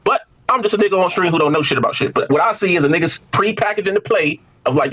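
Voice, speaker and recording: A man's voice: high-pitched, lively intonation, rapid-fire, a bit bright, highs cut off. A man on a live stream pushing back hard, challenging the host with heavy slang.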